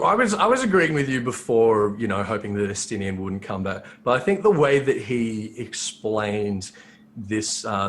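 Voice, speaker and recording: A man's voice: on the low side, a bit bright, a little hiss or hum. A man co-hosting a podcast, rambling through a casual discussion with many fillers and restarts. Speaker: podcast co-host.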